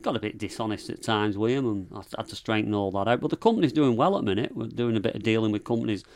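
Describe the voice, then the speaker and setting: A man's voice: on the low side, animated, racing, darkish tone. A middle-aged man from England with a Lancashire accent, chatting casually as a podcast guest and telling rambling stories in northern dialect. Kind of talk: casual chat.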